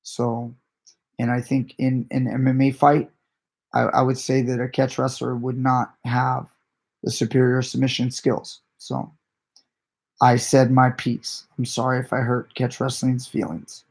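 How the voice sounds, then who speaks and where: A man with a gravelly, husky voice talking casually on a late-night live stream, answering his audience as a grappling coach. He rambles and restarts his sentences, keeping a loose, conversational flow through a home streaming mic. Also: mid-range voice, monotone, unhurried, darkish tone. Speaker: jiu-jitsu coach and channel host.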